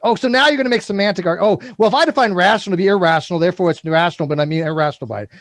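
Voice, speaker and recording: A man's voice: high-pitched, racing. A man hosting a live call-in debate, confrontational and swearing, hammering the same demand over and over. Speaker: host of a call-in debate stream.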